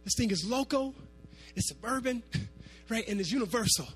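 A man with a very high voice preaches a sermon, talking to the room like friends. He moves between hushed asides and loud, emphatic bursts, with faint music playing underneath. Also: normal speed, slightly rough. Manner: animated, swinging from soft asides to shouting. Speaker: pastor.

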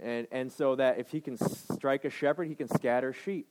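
A man's voice: mid-range voice, steady tone, normal speed, darkish tone. A man in his thirties preaching a sermon to a congregation, emphatic, repeating phrases and checking in with "right?". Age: 30s. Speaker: pastor.

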